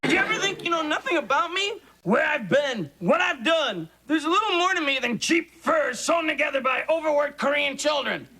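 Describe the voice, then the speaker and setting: A snide, foul-tempered stuffed bunny in a sitcom. He talks very high and very bright, with a sing-song lilt. He mocks everything around him, and a faint laugh track runs underneath. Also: lively intonation, normal speed, hardly any pauses, some chatter behind, a little hiss or hum, exaggerated voice. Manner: snide, sarcastic, mock-dramatic.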